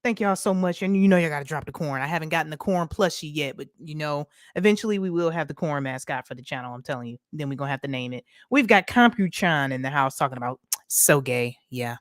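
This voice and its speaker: A woman with a lowish voice hosts a casual live stream, greeting viewers one by one with upbeat slang. The sound is close and dry, with no room around her. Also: expressive, fast talker, few pauses, no echo. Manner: chatty, greets viewers by name, laughs often.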